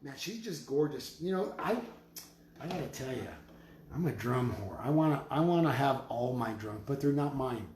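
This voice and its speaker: A man making drums, talking slowly with prayerful, emphatic declarations and chanted words as he presents his drums in his studio. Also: mid-range voice, expressive. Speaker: drum maker selling drums on a live stream. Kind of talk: live sales stream with spiritual talk. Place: studio full of drums and rattles. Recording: roomy studio with faint noise.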